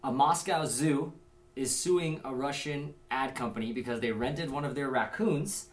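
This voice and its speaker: A man co-hosting a comedy podcast, chatting casually about the news with lots of swearing and laughter. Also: mid-range voice. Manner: fast, profane, laughs often, jokey put-on quotes.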